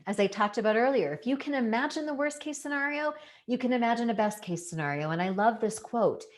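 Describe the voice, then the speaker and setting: Earnest woman explaining stress relief. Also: mid-range voice. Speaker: presenter. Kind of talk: educational talk.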